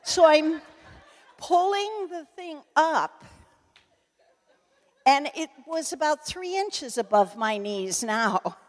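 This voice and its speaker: Older woman storyteller, slightly high and very expressive, unhurried, laughs often, recorded in an echoey hall. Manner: animated, laughing, self-interrupting. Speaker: storyteller speaking to an audience. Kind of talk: humorous personal anecdote.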